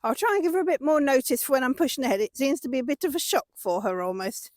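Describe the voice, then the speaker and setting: Woman, high voice, dry close sound, casual horse vlog, encouraging and chatty. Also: expressive, quick pace, darkish tone, no echo. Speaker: horse owner and channel host. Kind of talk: casual vlog narration while working a horse. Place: outdoors in a field with horses.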